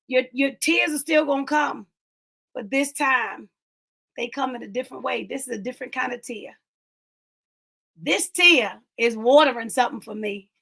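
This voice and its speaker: Her voice sits high, with vocal fry and a sharp tone. She hosts an online inspirational talk in a preaching style, repeating lines emphatically and addressing live viewers directly.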